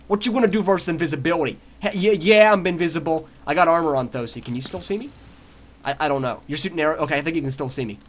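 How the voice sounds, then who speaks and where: A young man giving excited gameplay commentary, trash-talking opponents and laughing at his own confusion. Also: a little high, quick pace. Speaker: gaming YouTuber.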